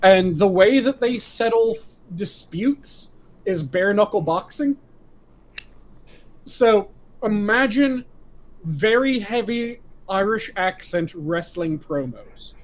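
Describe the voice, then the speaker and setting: A man's voice: high voice, lively intonation, slow pace. A man co-hosting a casual podcast, crude and joking, laughing often. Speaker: podcast co-host.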